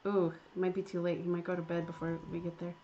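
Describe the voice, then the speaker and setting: A woman's voice: lowish voice, flat delivery, fast talker, lo-fi sound, a little hiss or hum. Chatty woman narrating her game. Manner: chatty, hesitant, self-deprecating. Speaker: game developer streaming her game. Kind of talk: casual game commentary.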